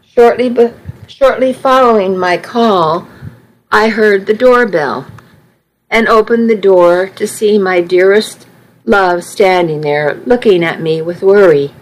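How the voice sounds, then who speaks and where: A woman's voice: medium pitch, slow pace, poor audio. A woman reading a first-person story aloud with earnest, emotional storytelling. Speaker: audiobook narrator. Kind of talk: first-person scripted narration.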